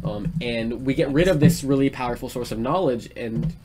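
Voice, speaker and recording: A man's voice: mid-range voice, moderate pace, over a noisy crowd. A young man from Florida co-hosting a podcast, chatting casually and rambling with many fillers and restarts. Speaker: podcast co-host. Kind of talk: casual chat. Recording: noisy room recording.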